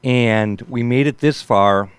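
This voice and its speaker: A slow, medium-pitched man in his fifties hosts a show, his voice clean and free of room sound. He rambles through relaxed, casual anecdotes, frequently saying "man" and "for sure."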